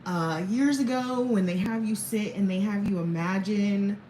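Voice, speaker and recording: In an unhurried, medium-pitched voice, a thirtysomething vlogger talks openly to the camera, chuckling as she drifts from thought to thought. Background noise and faint ambience fill an echoey room.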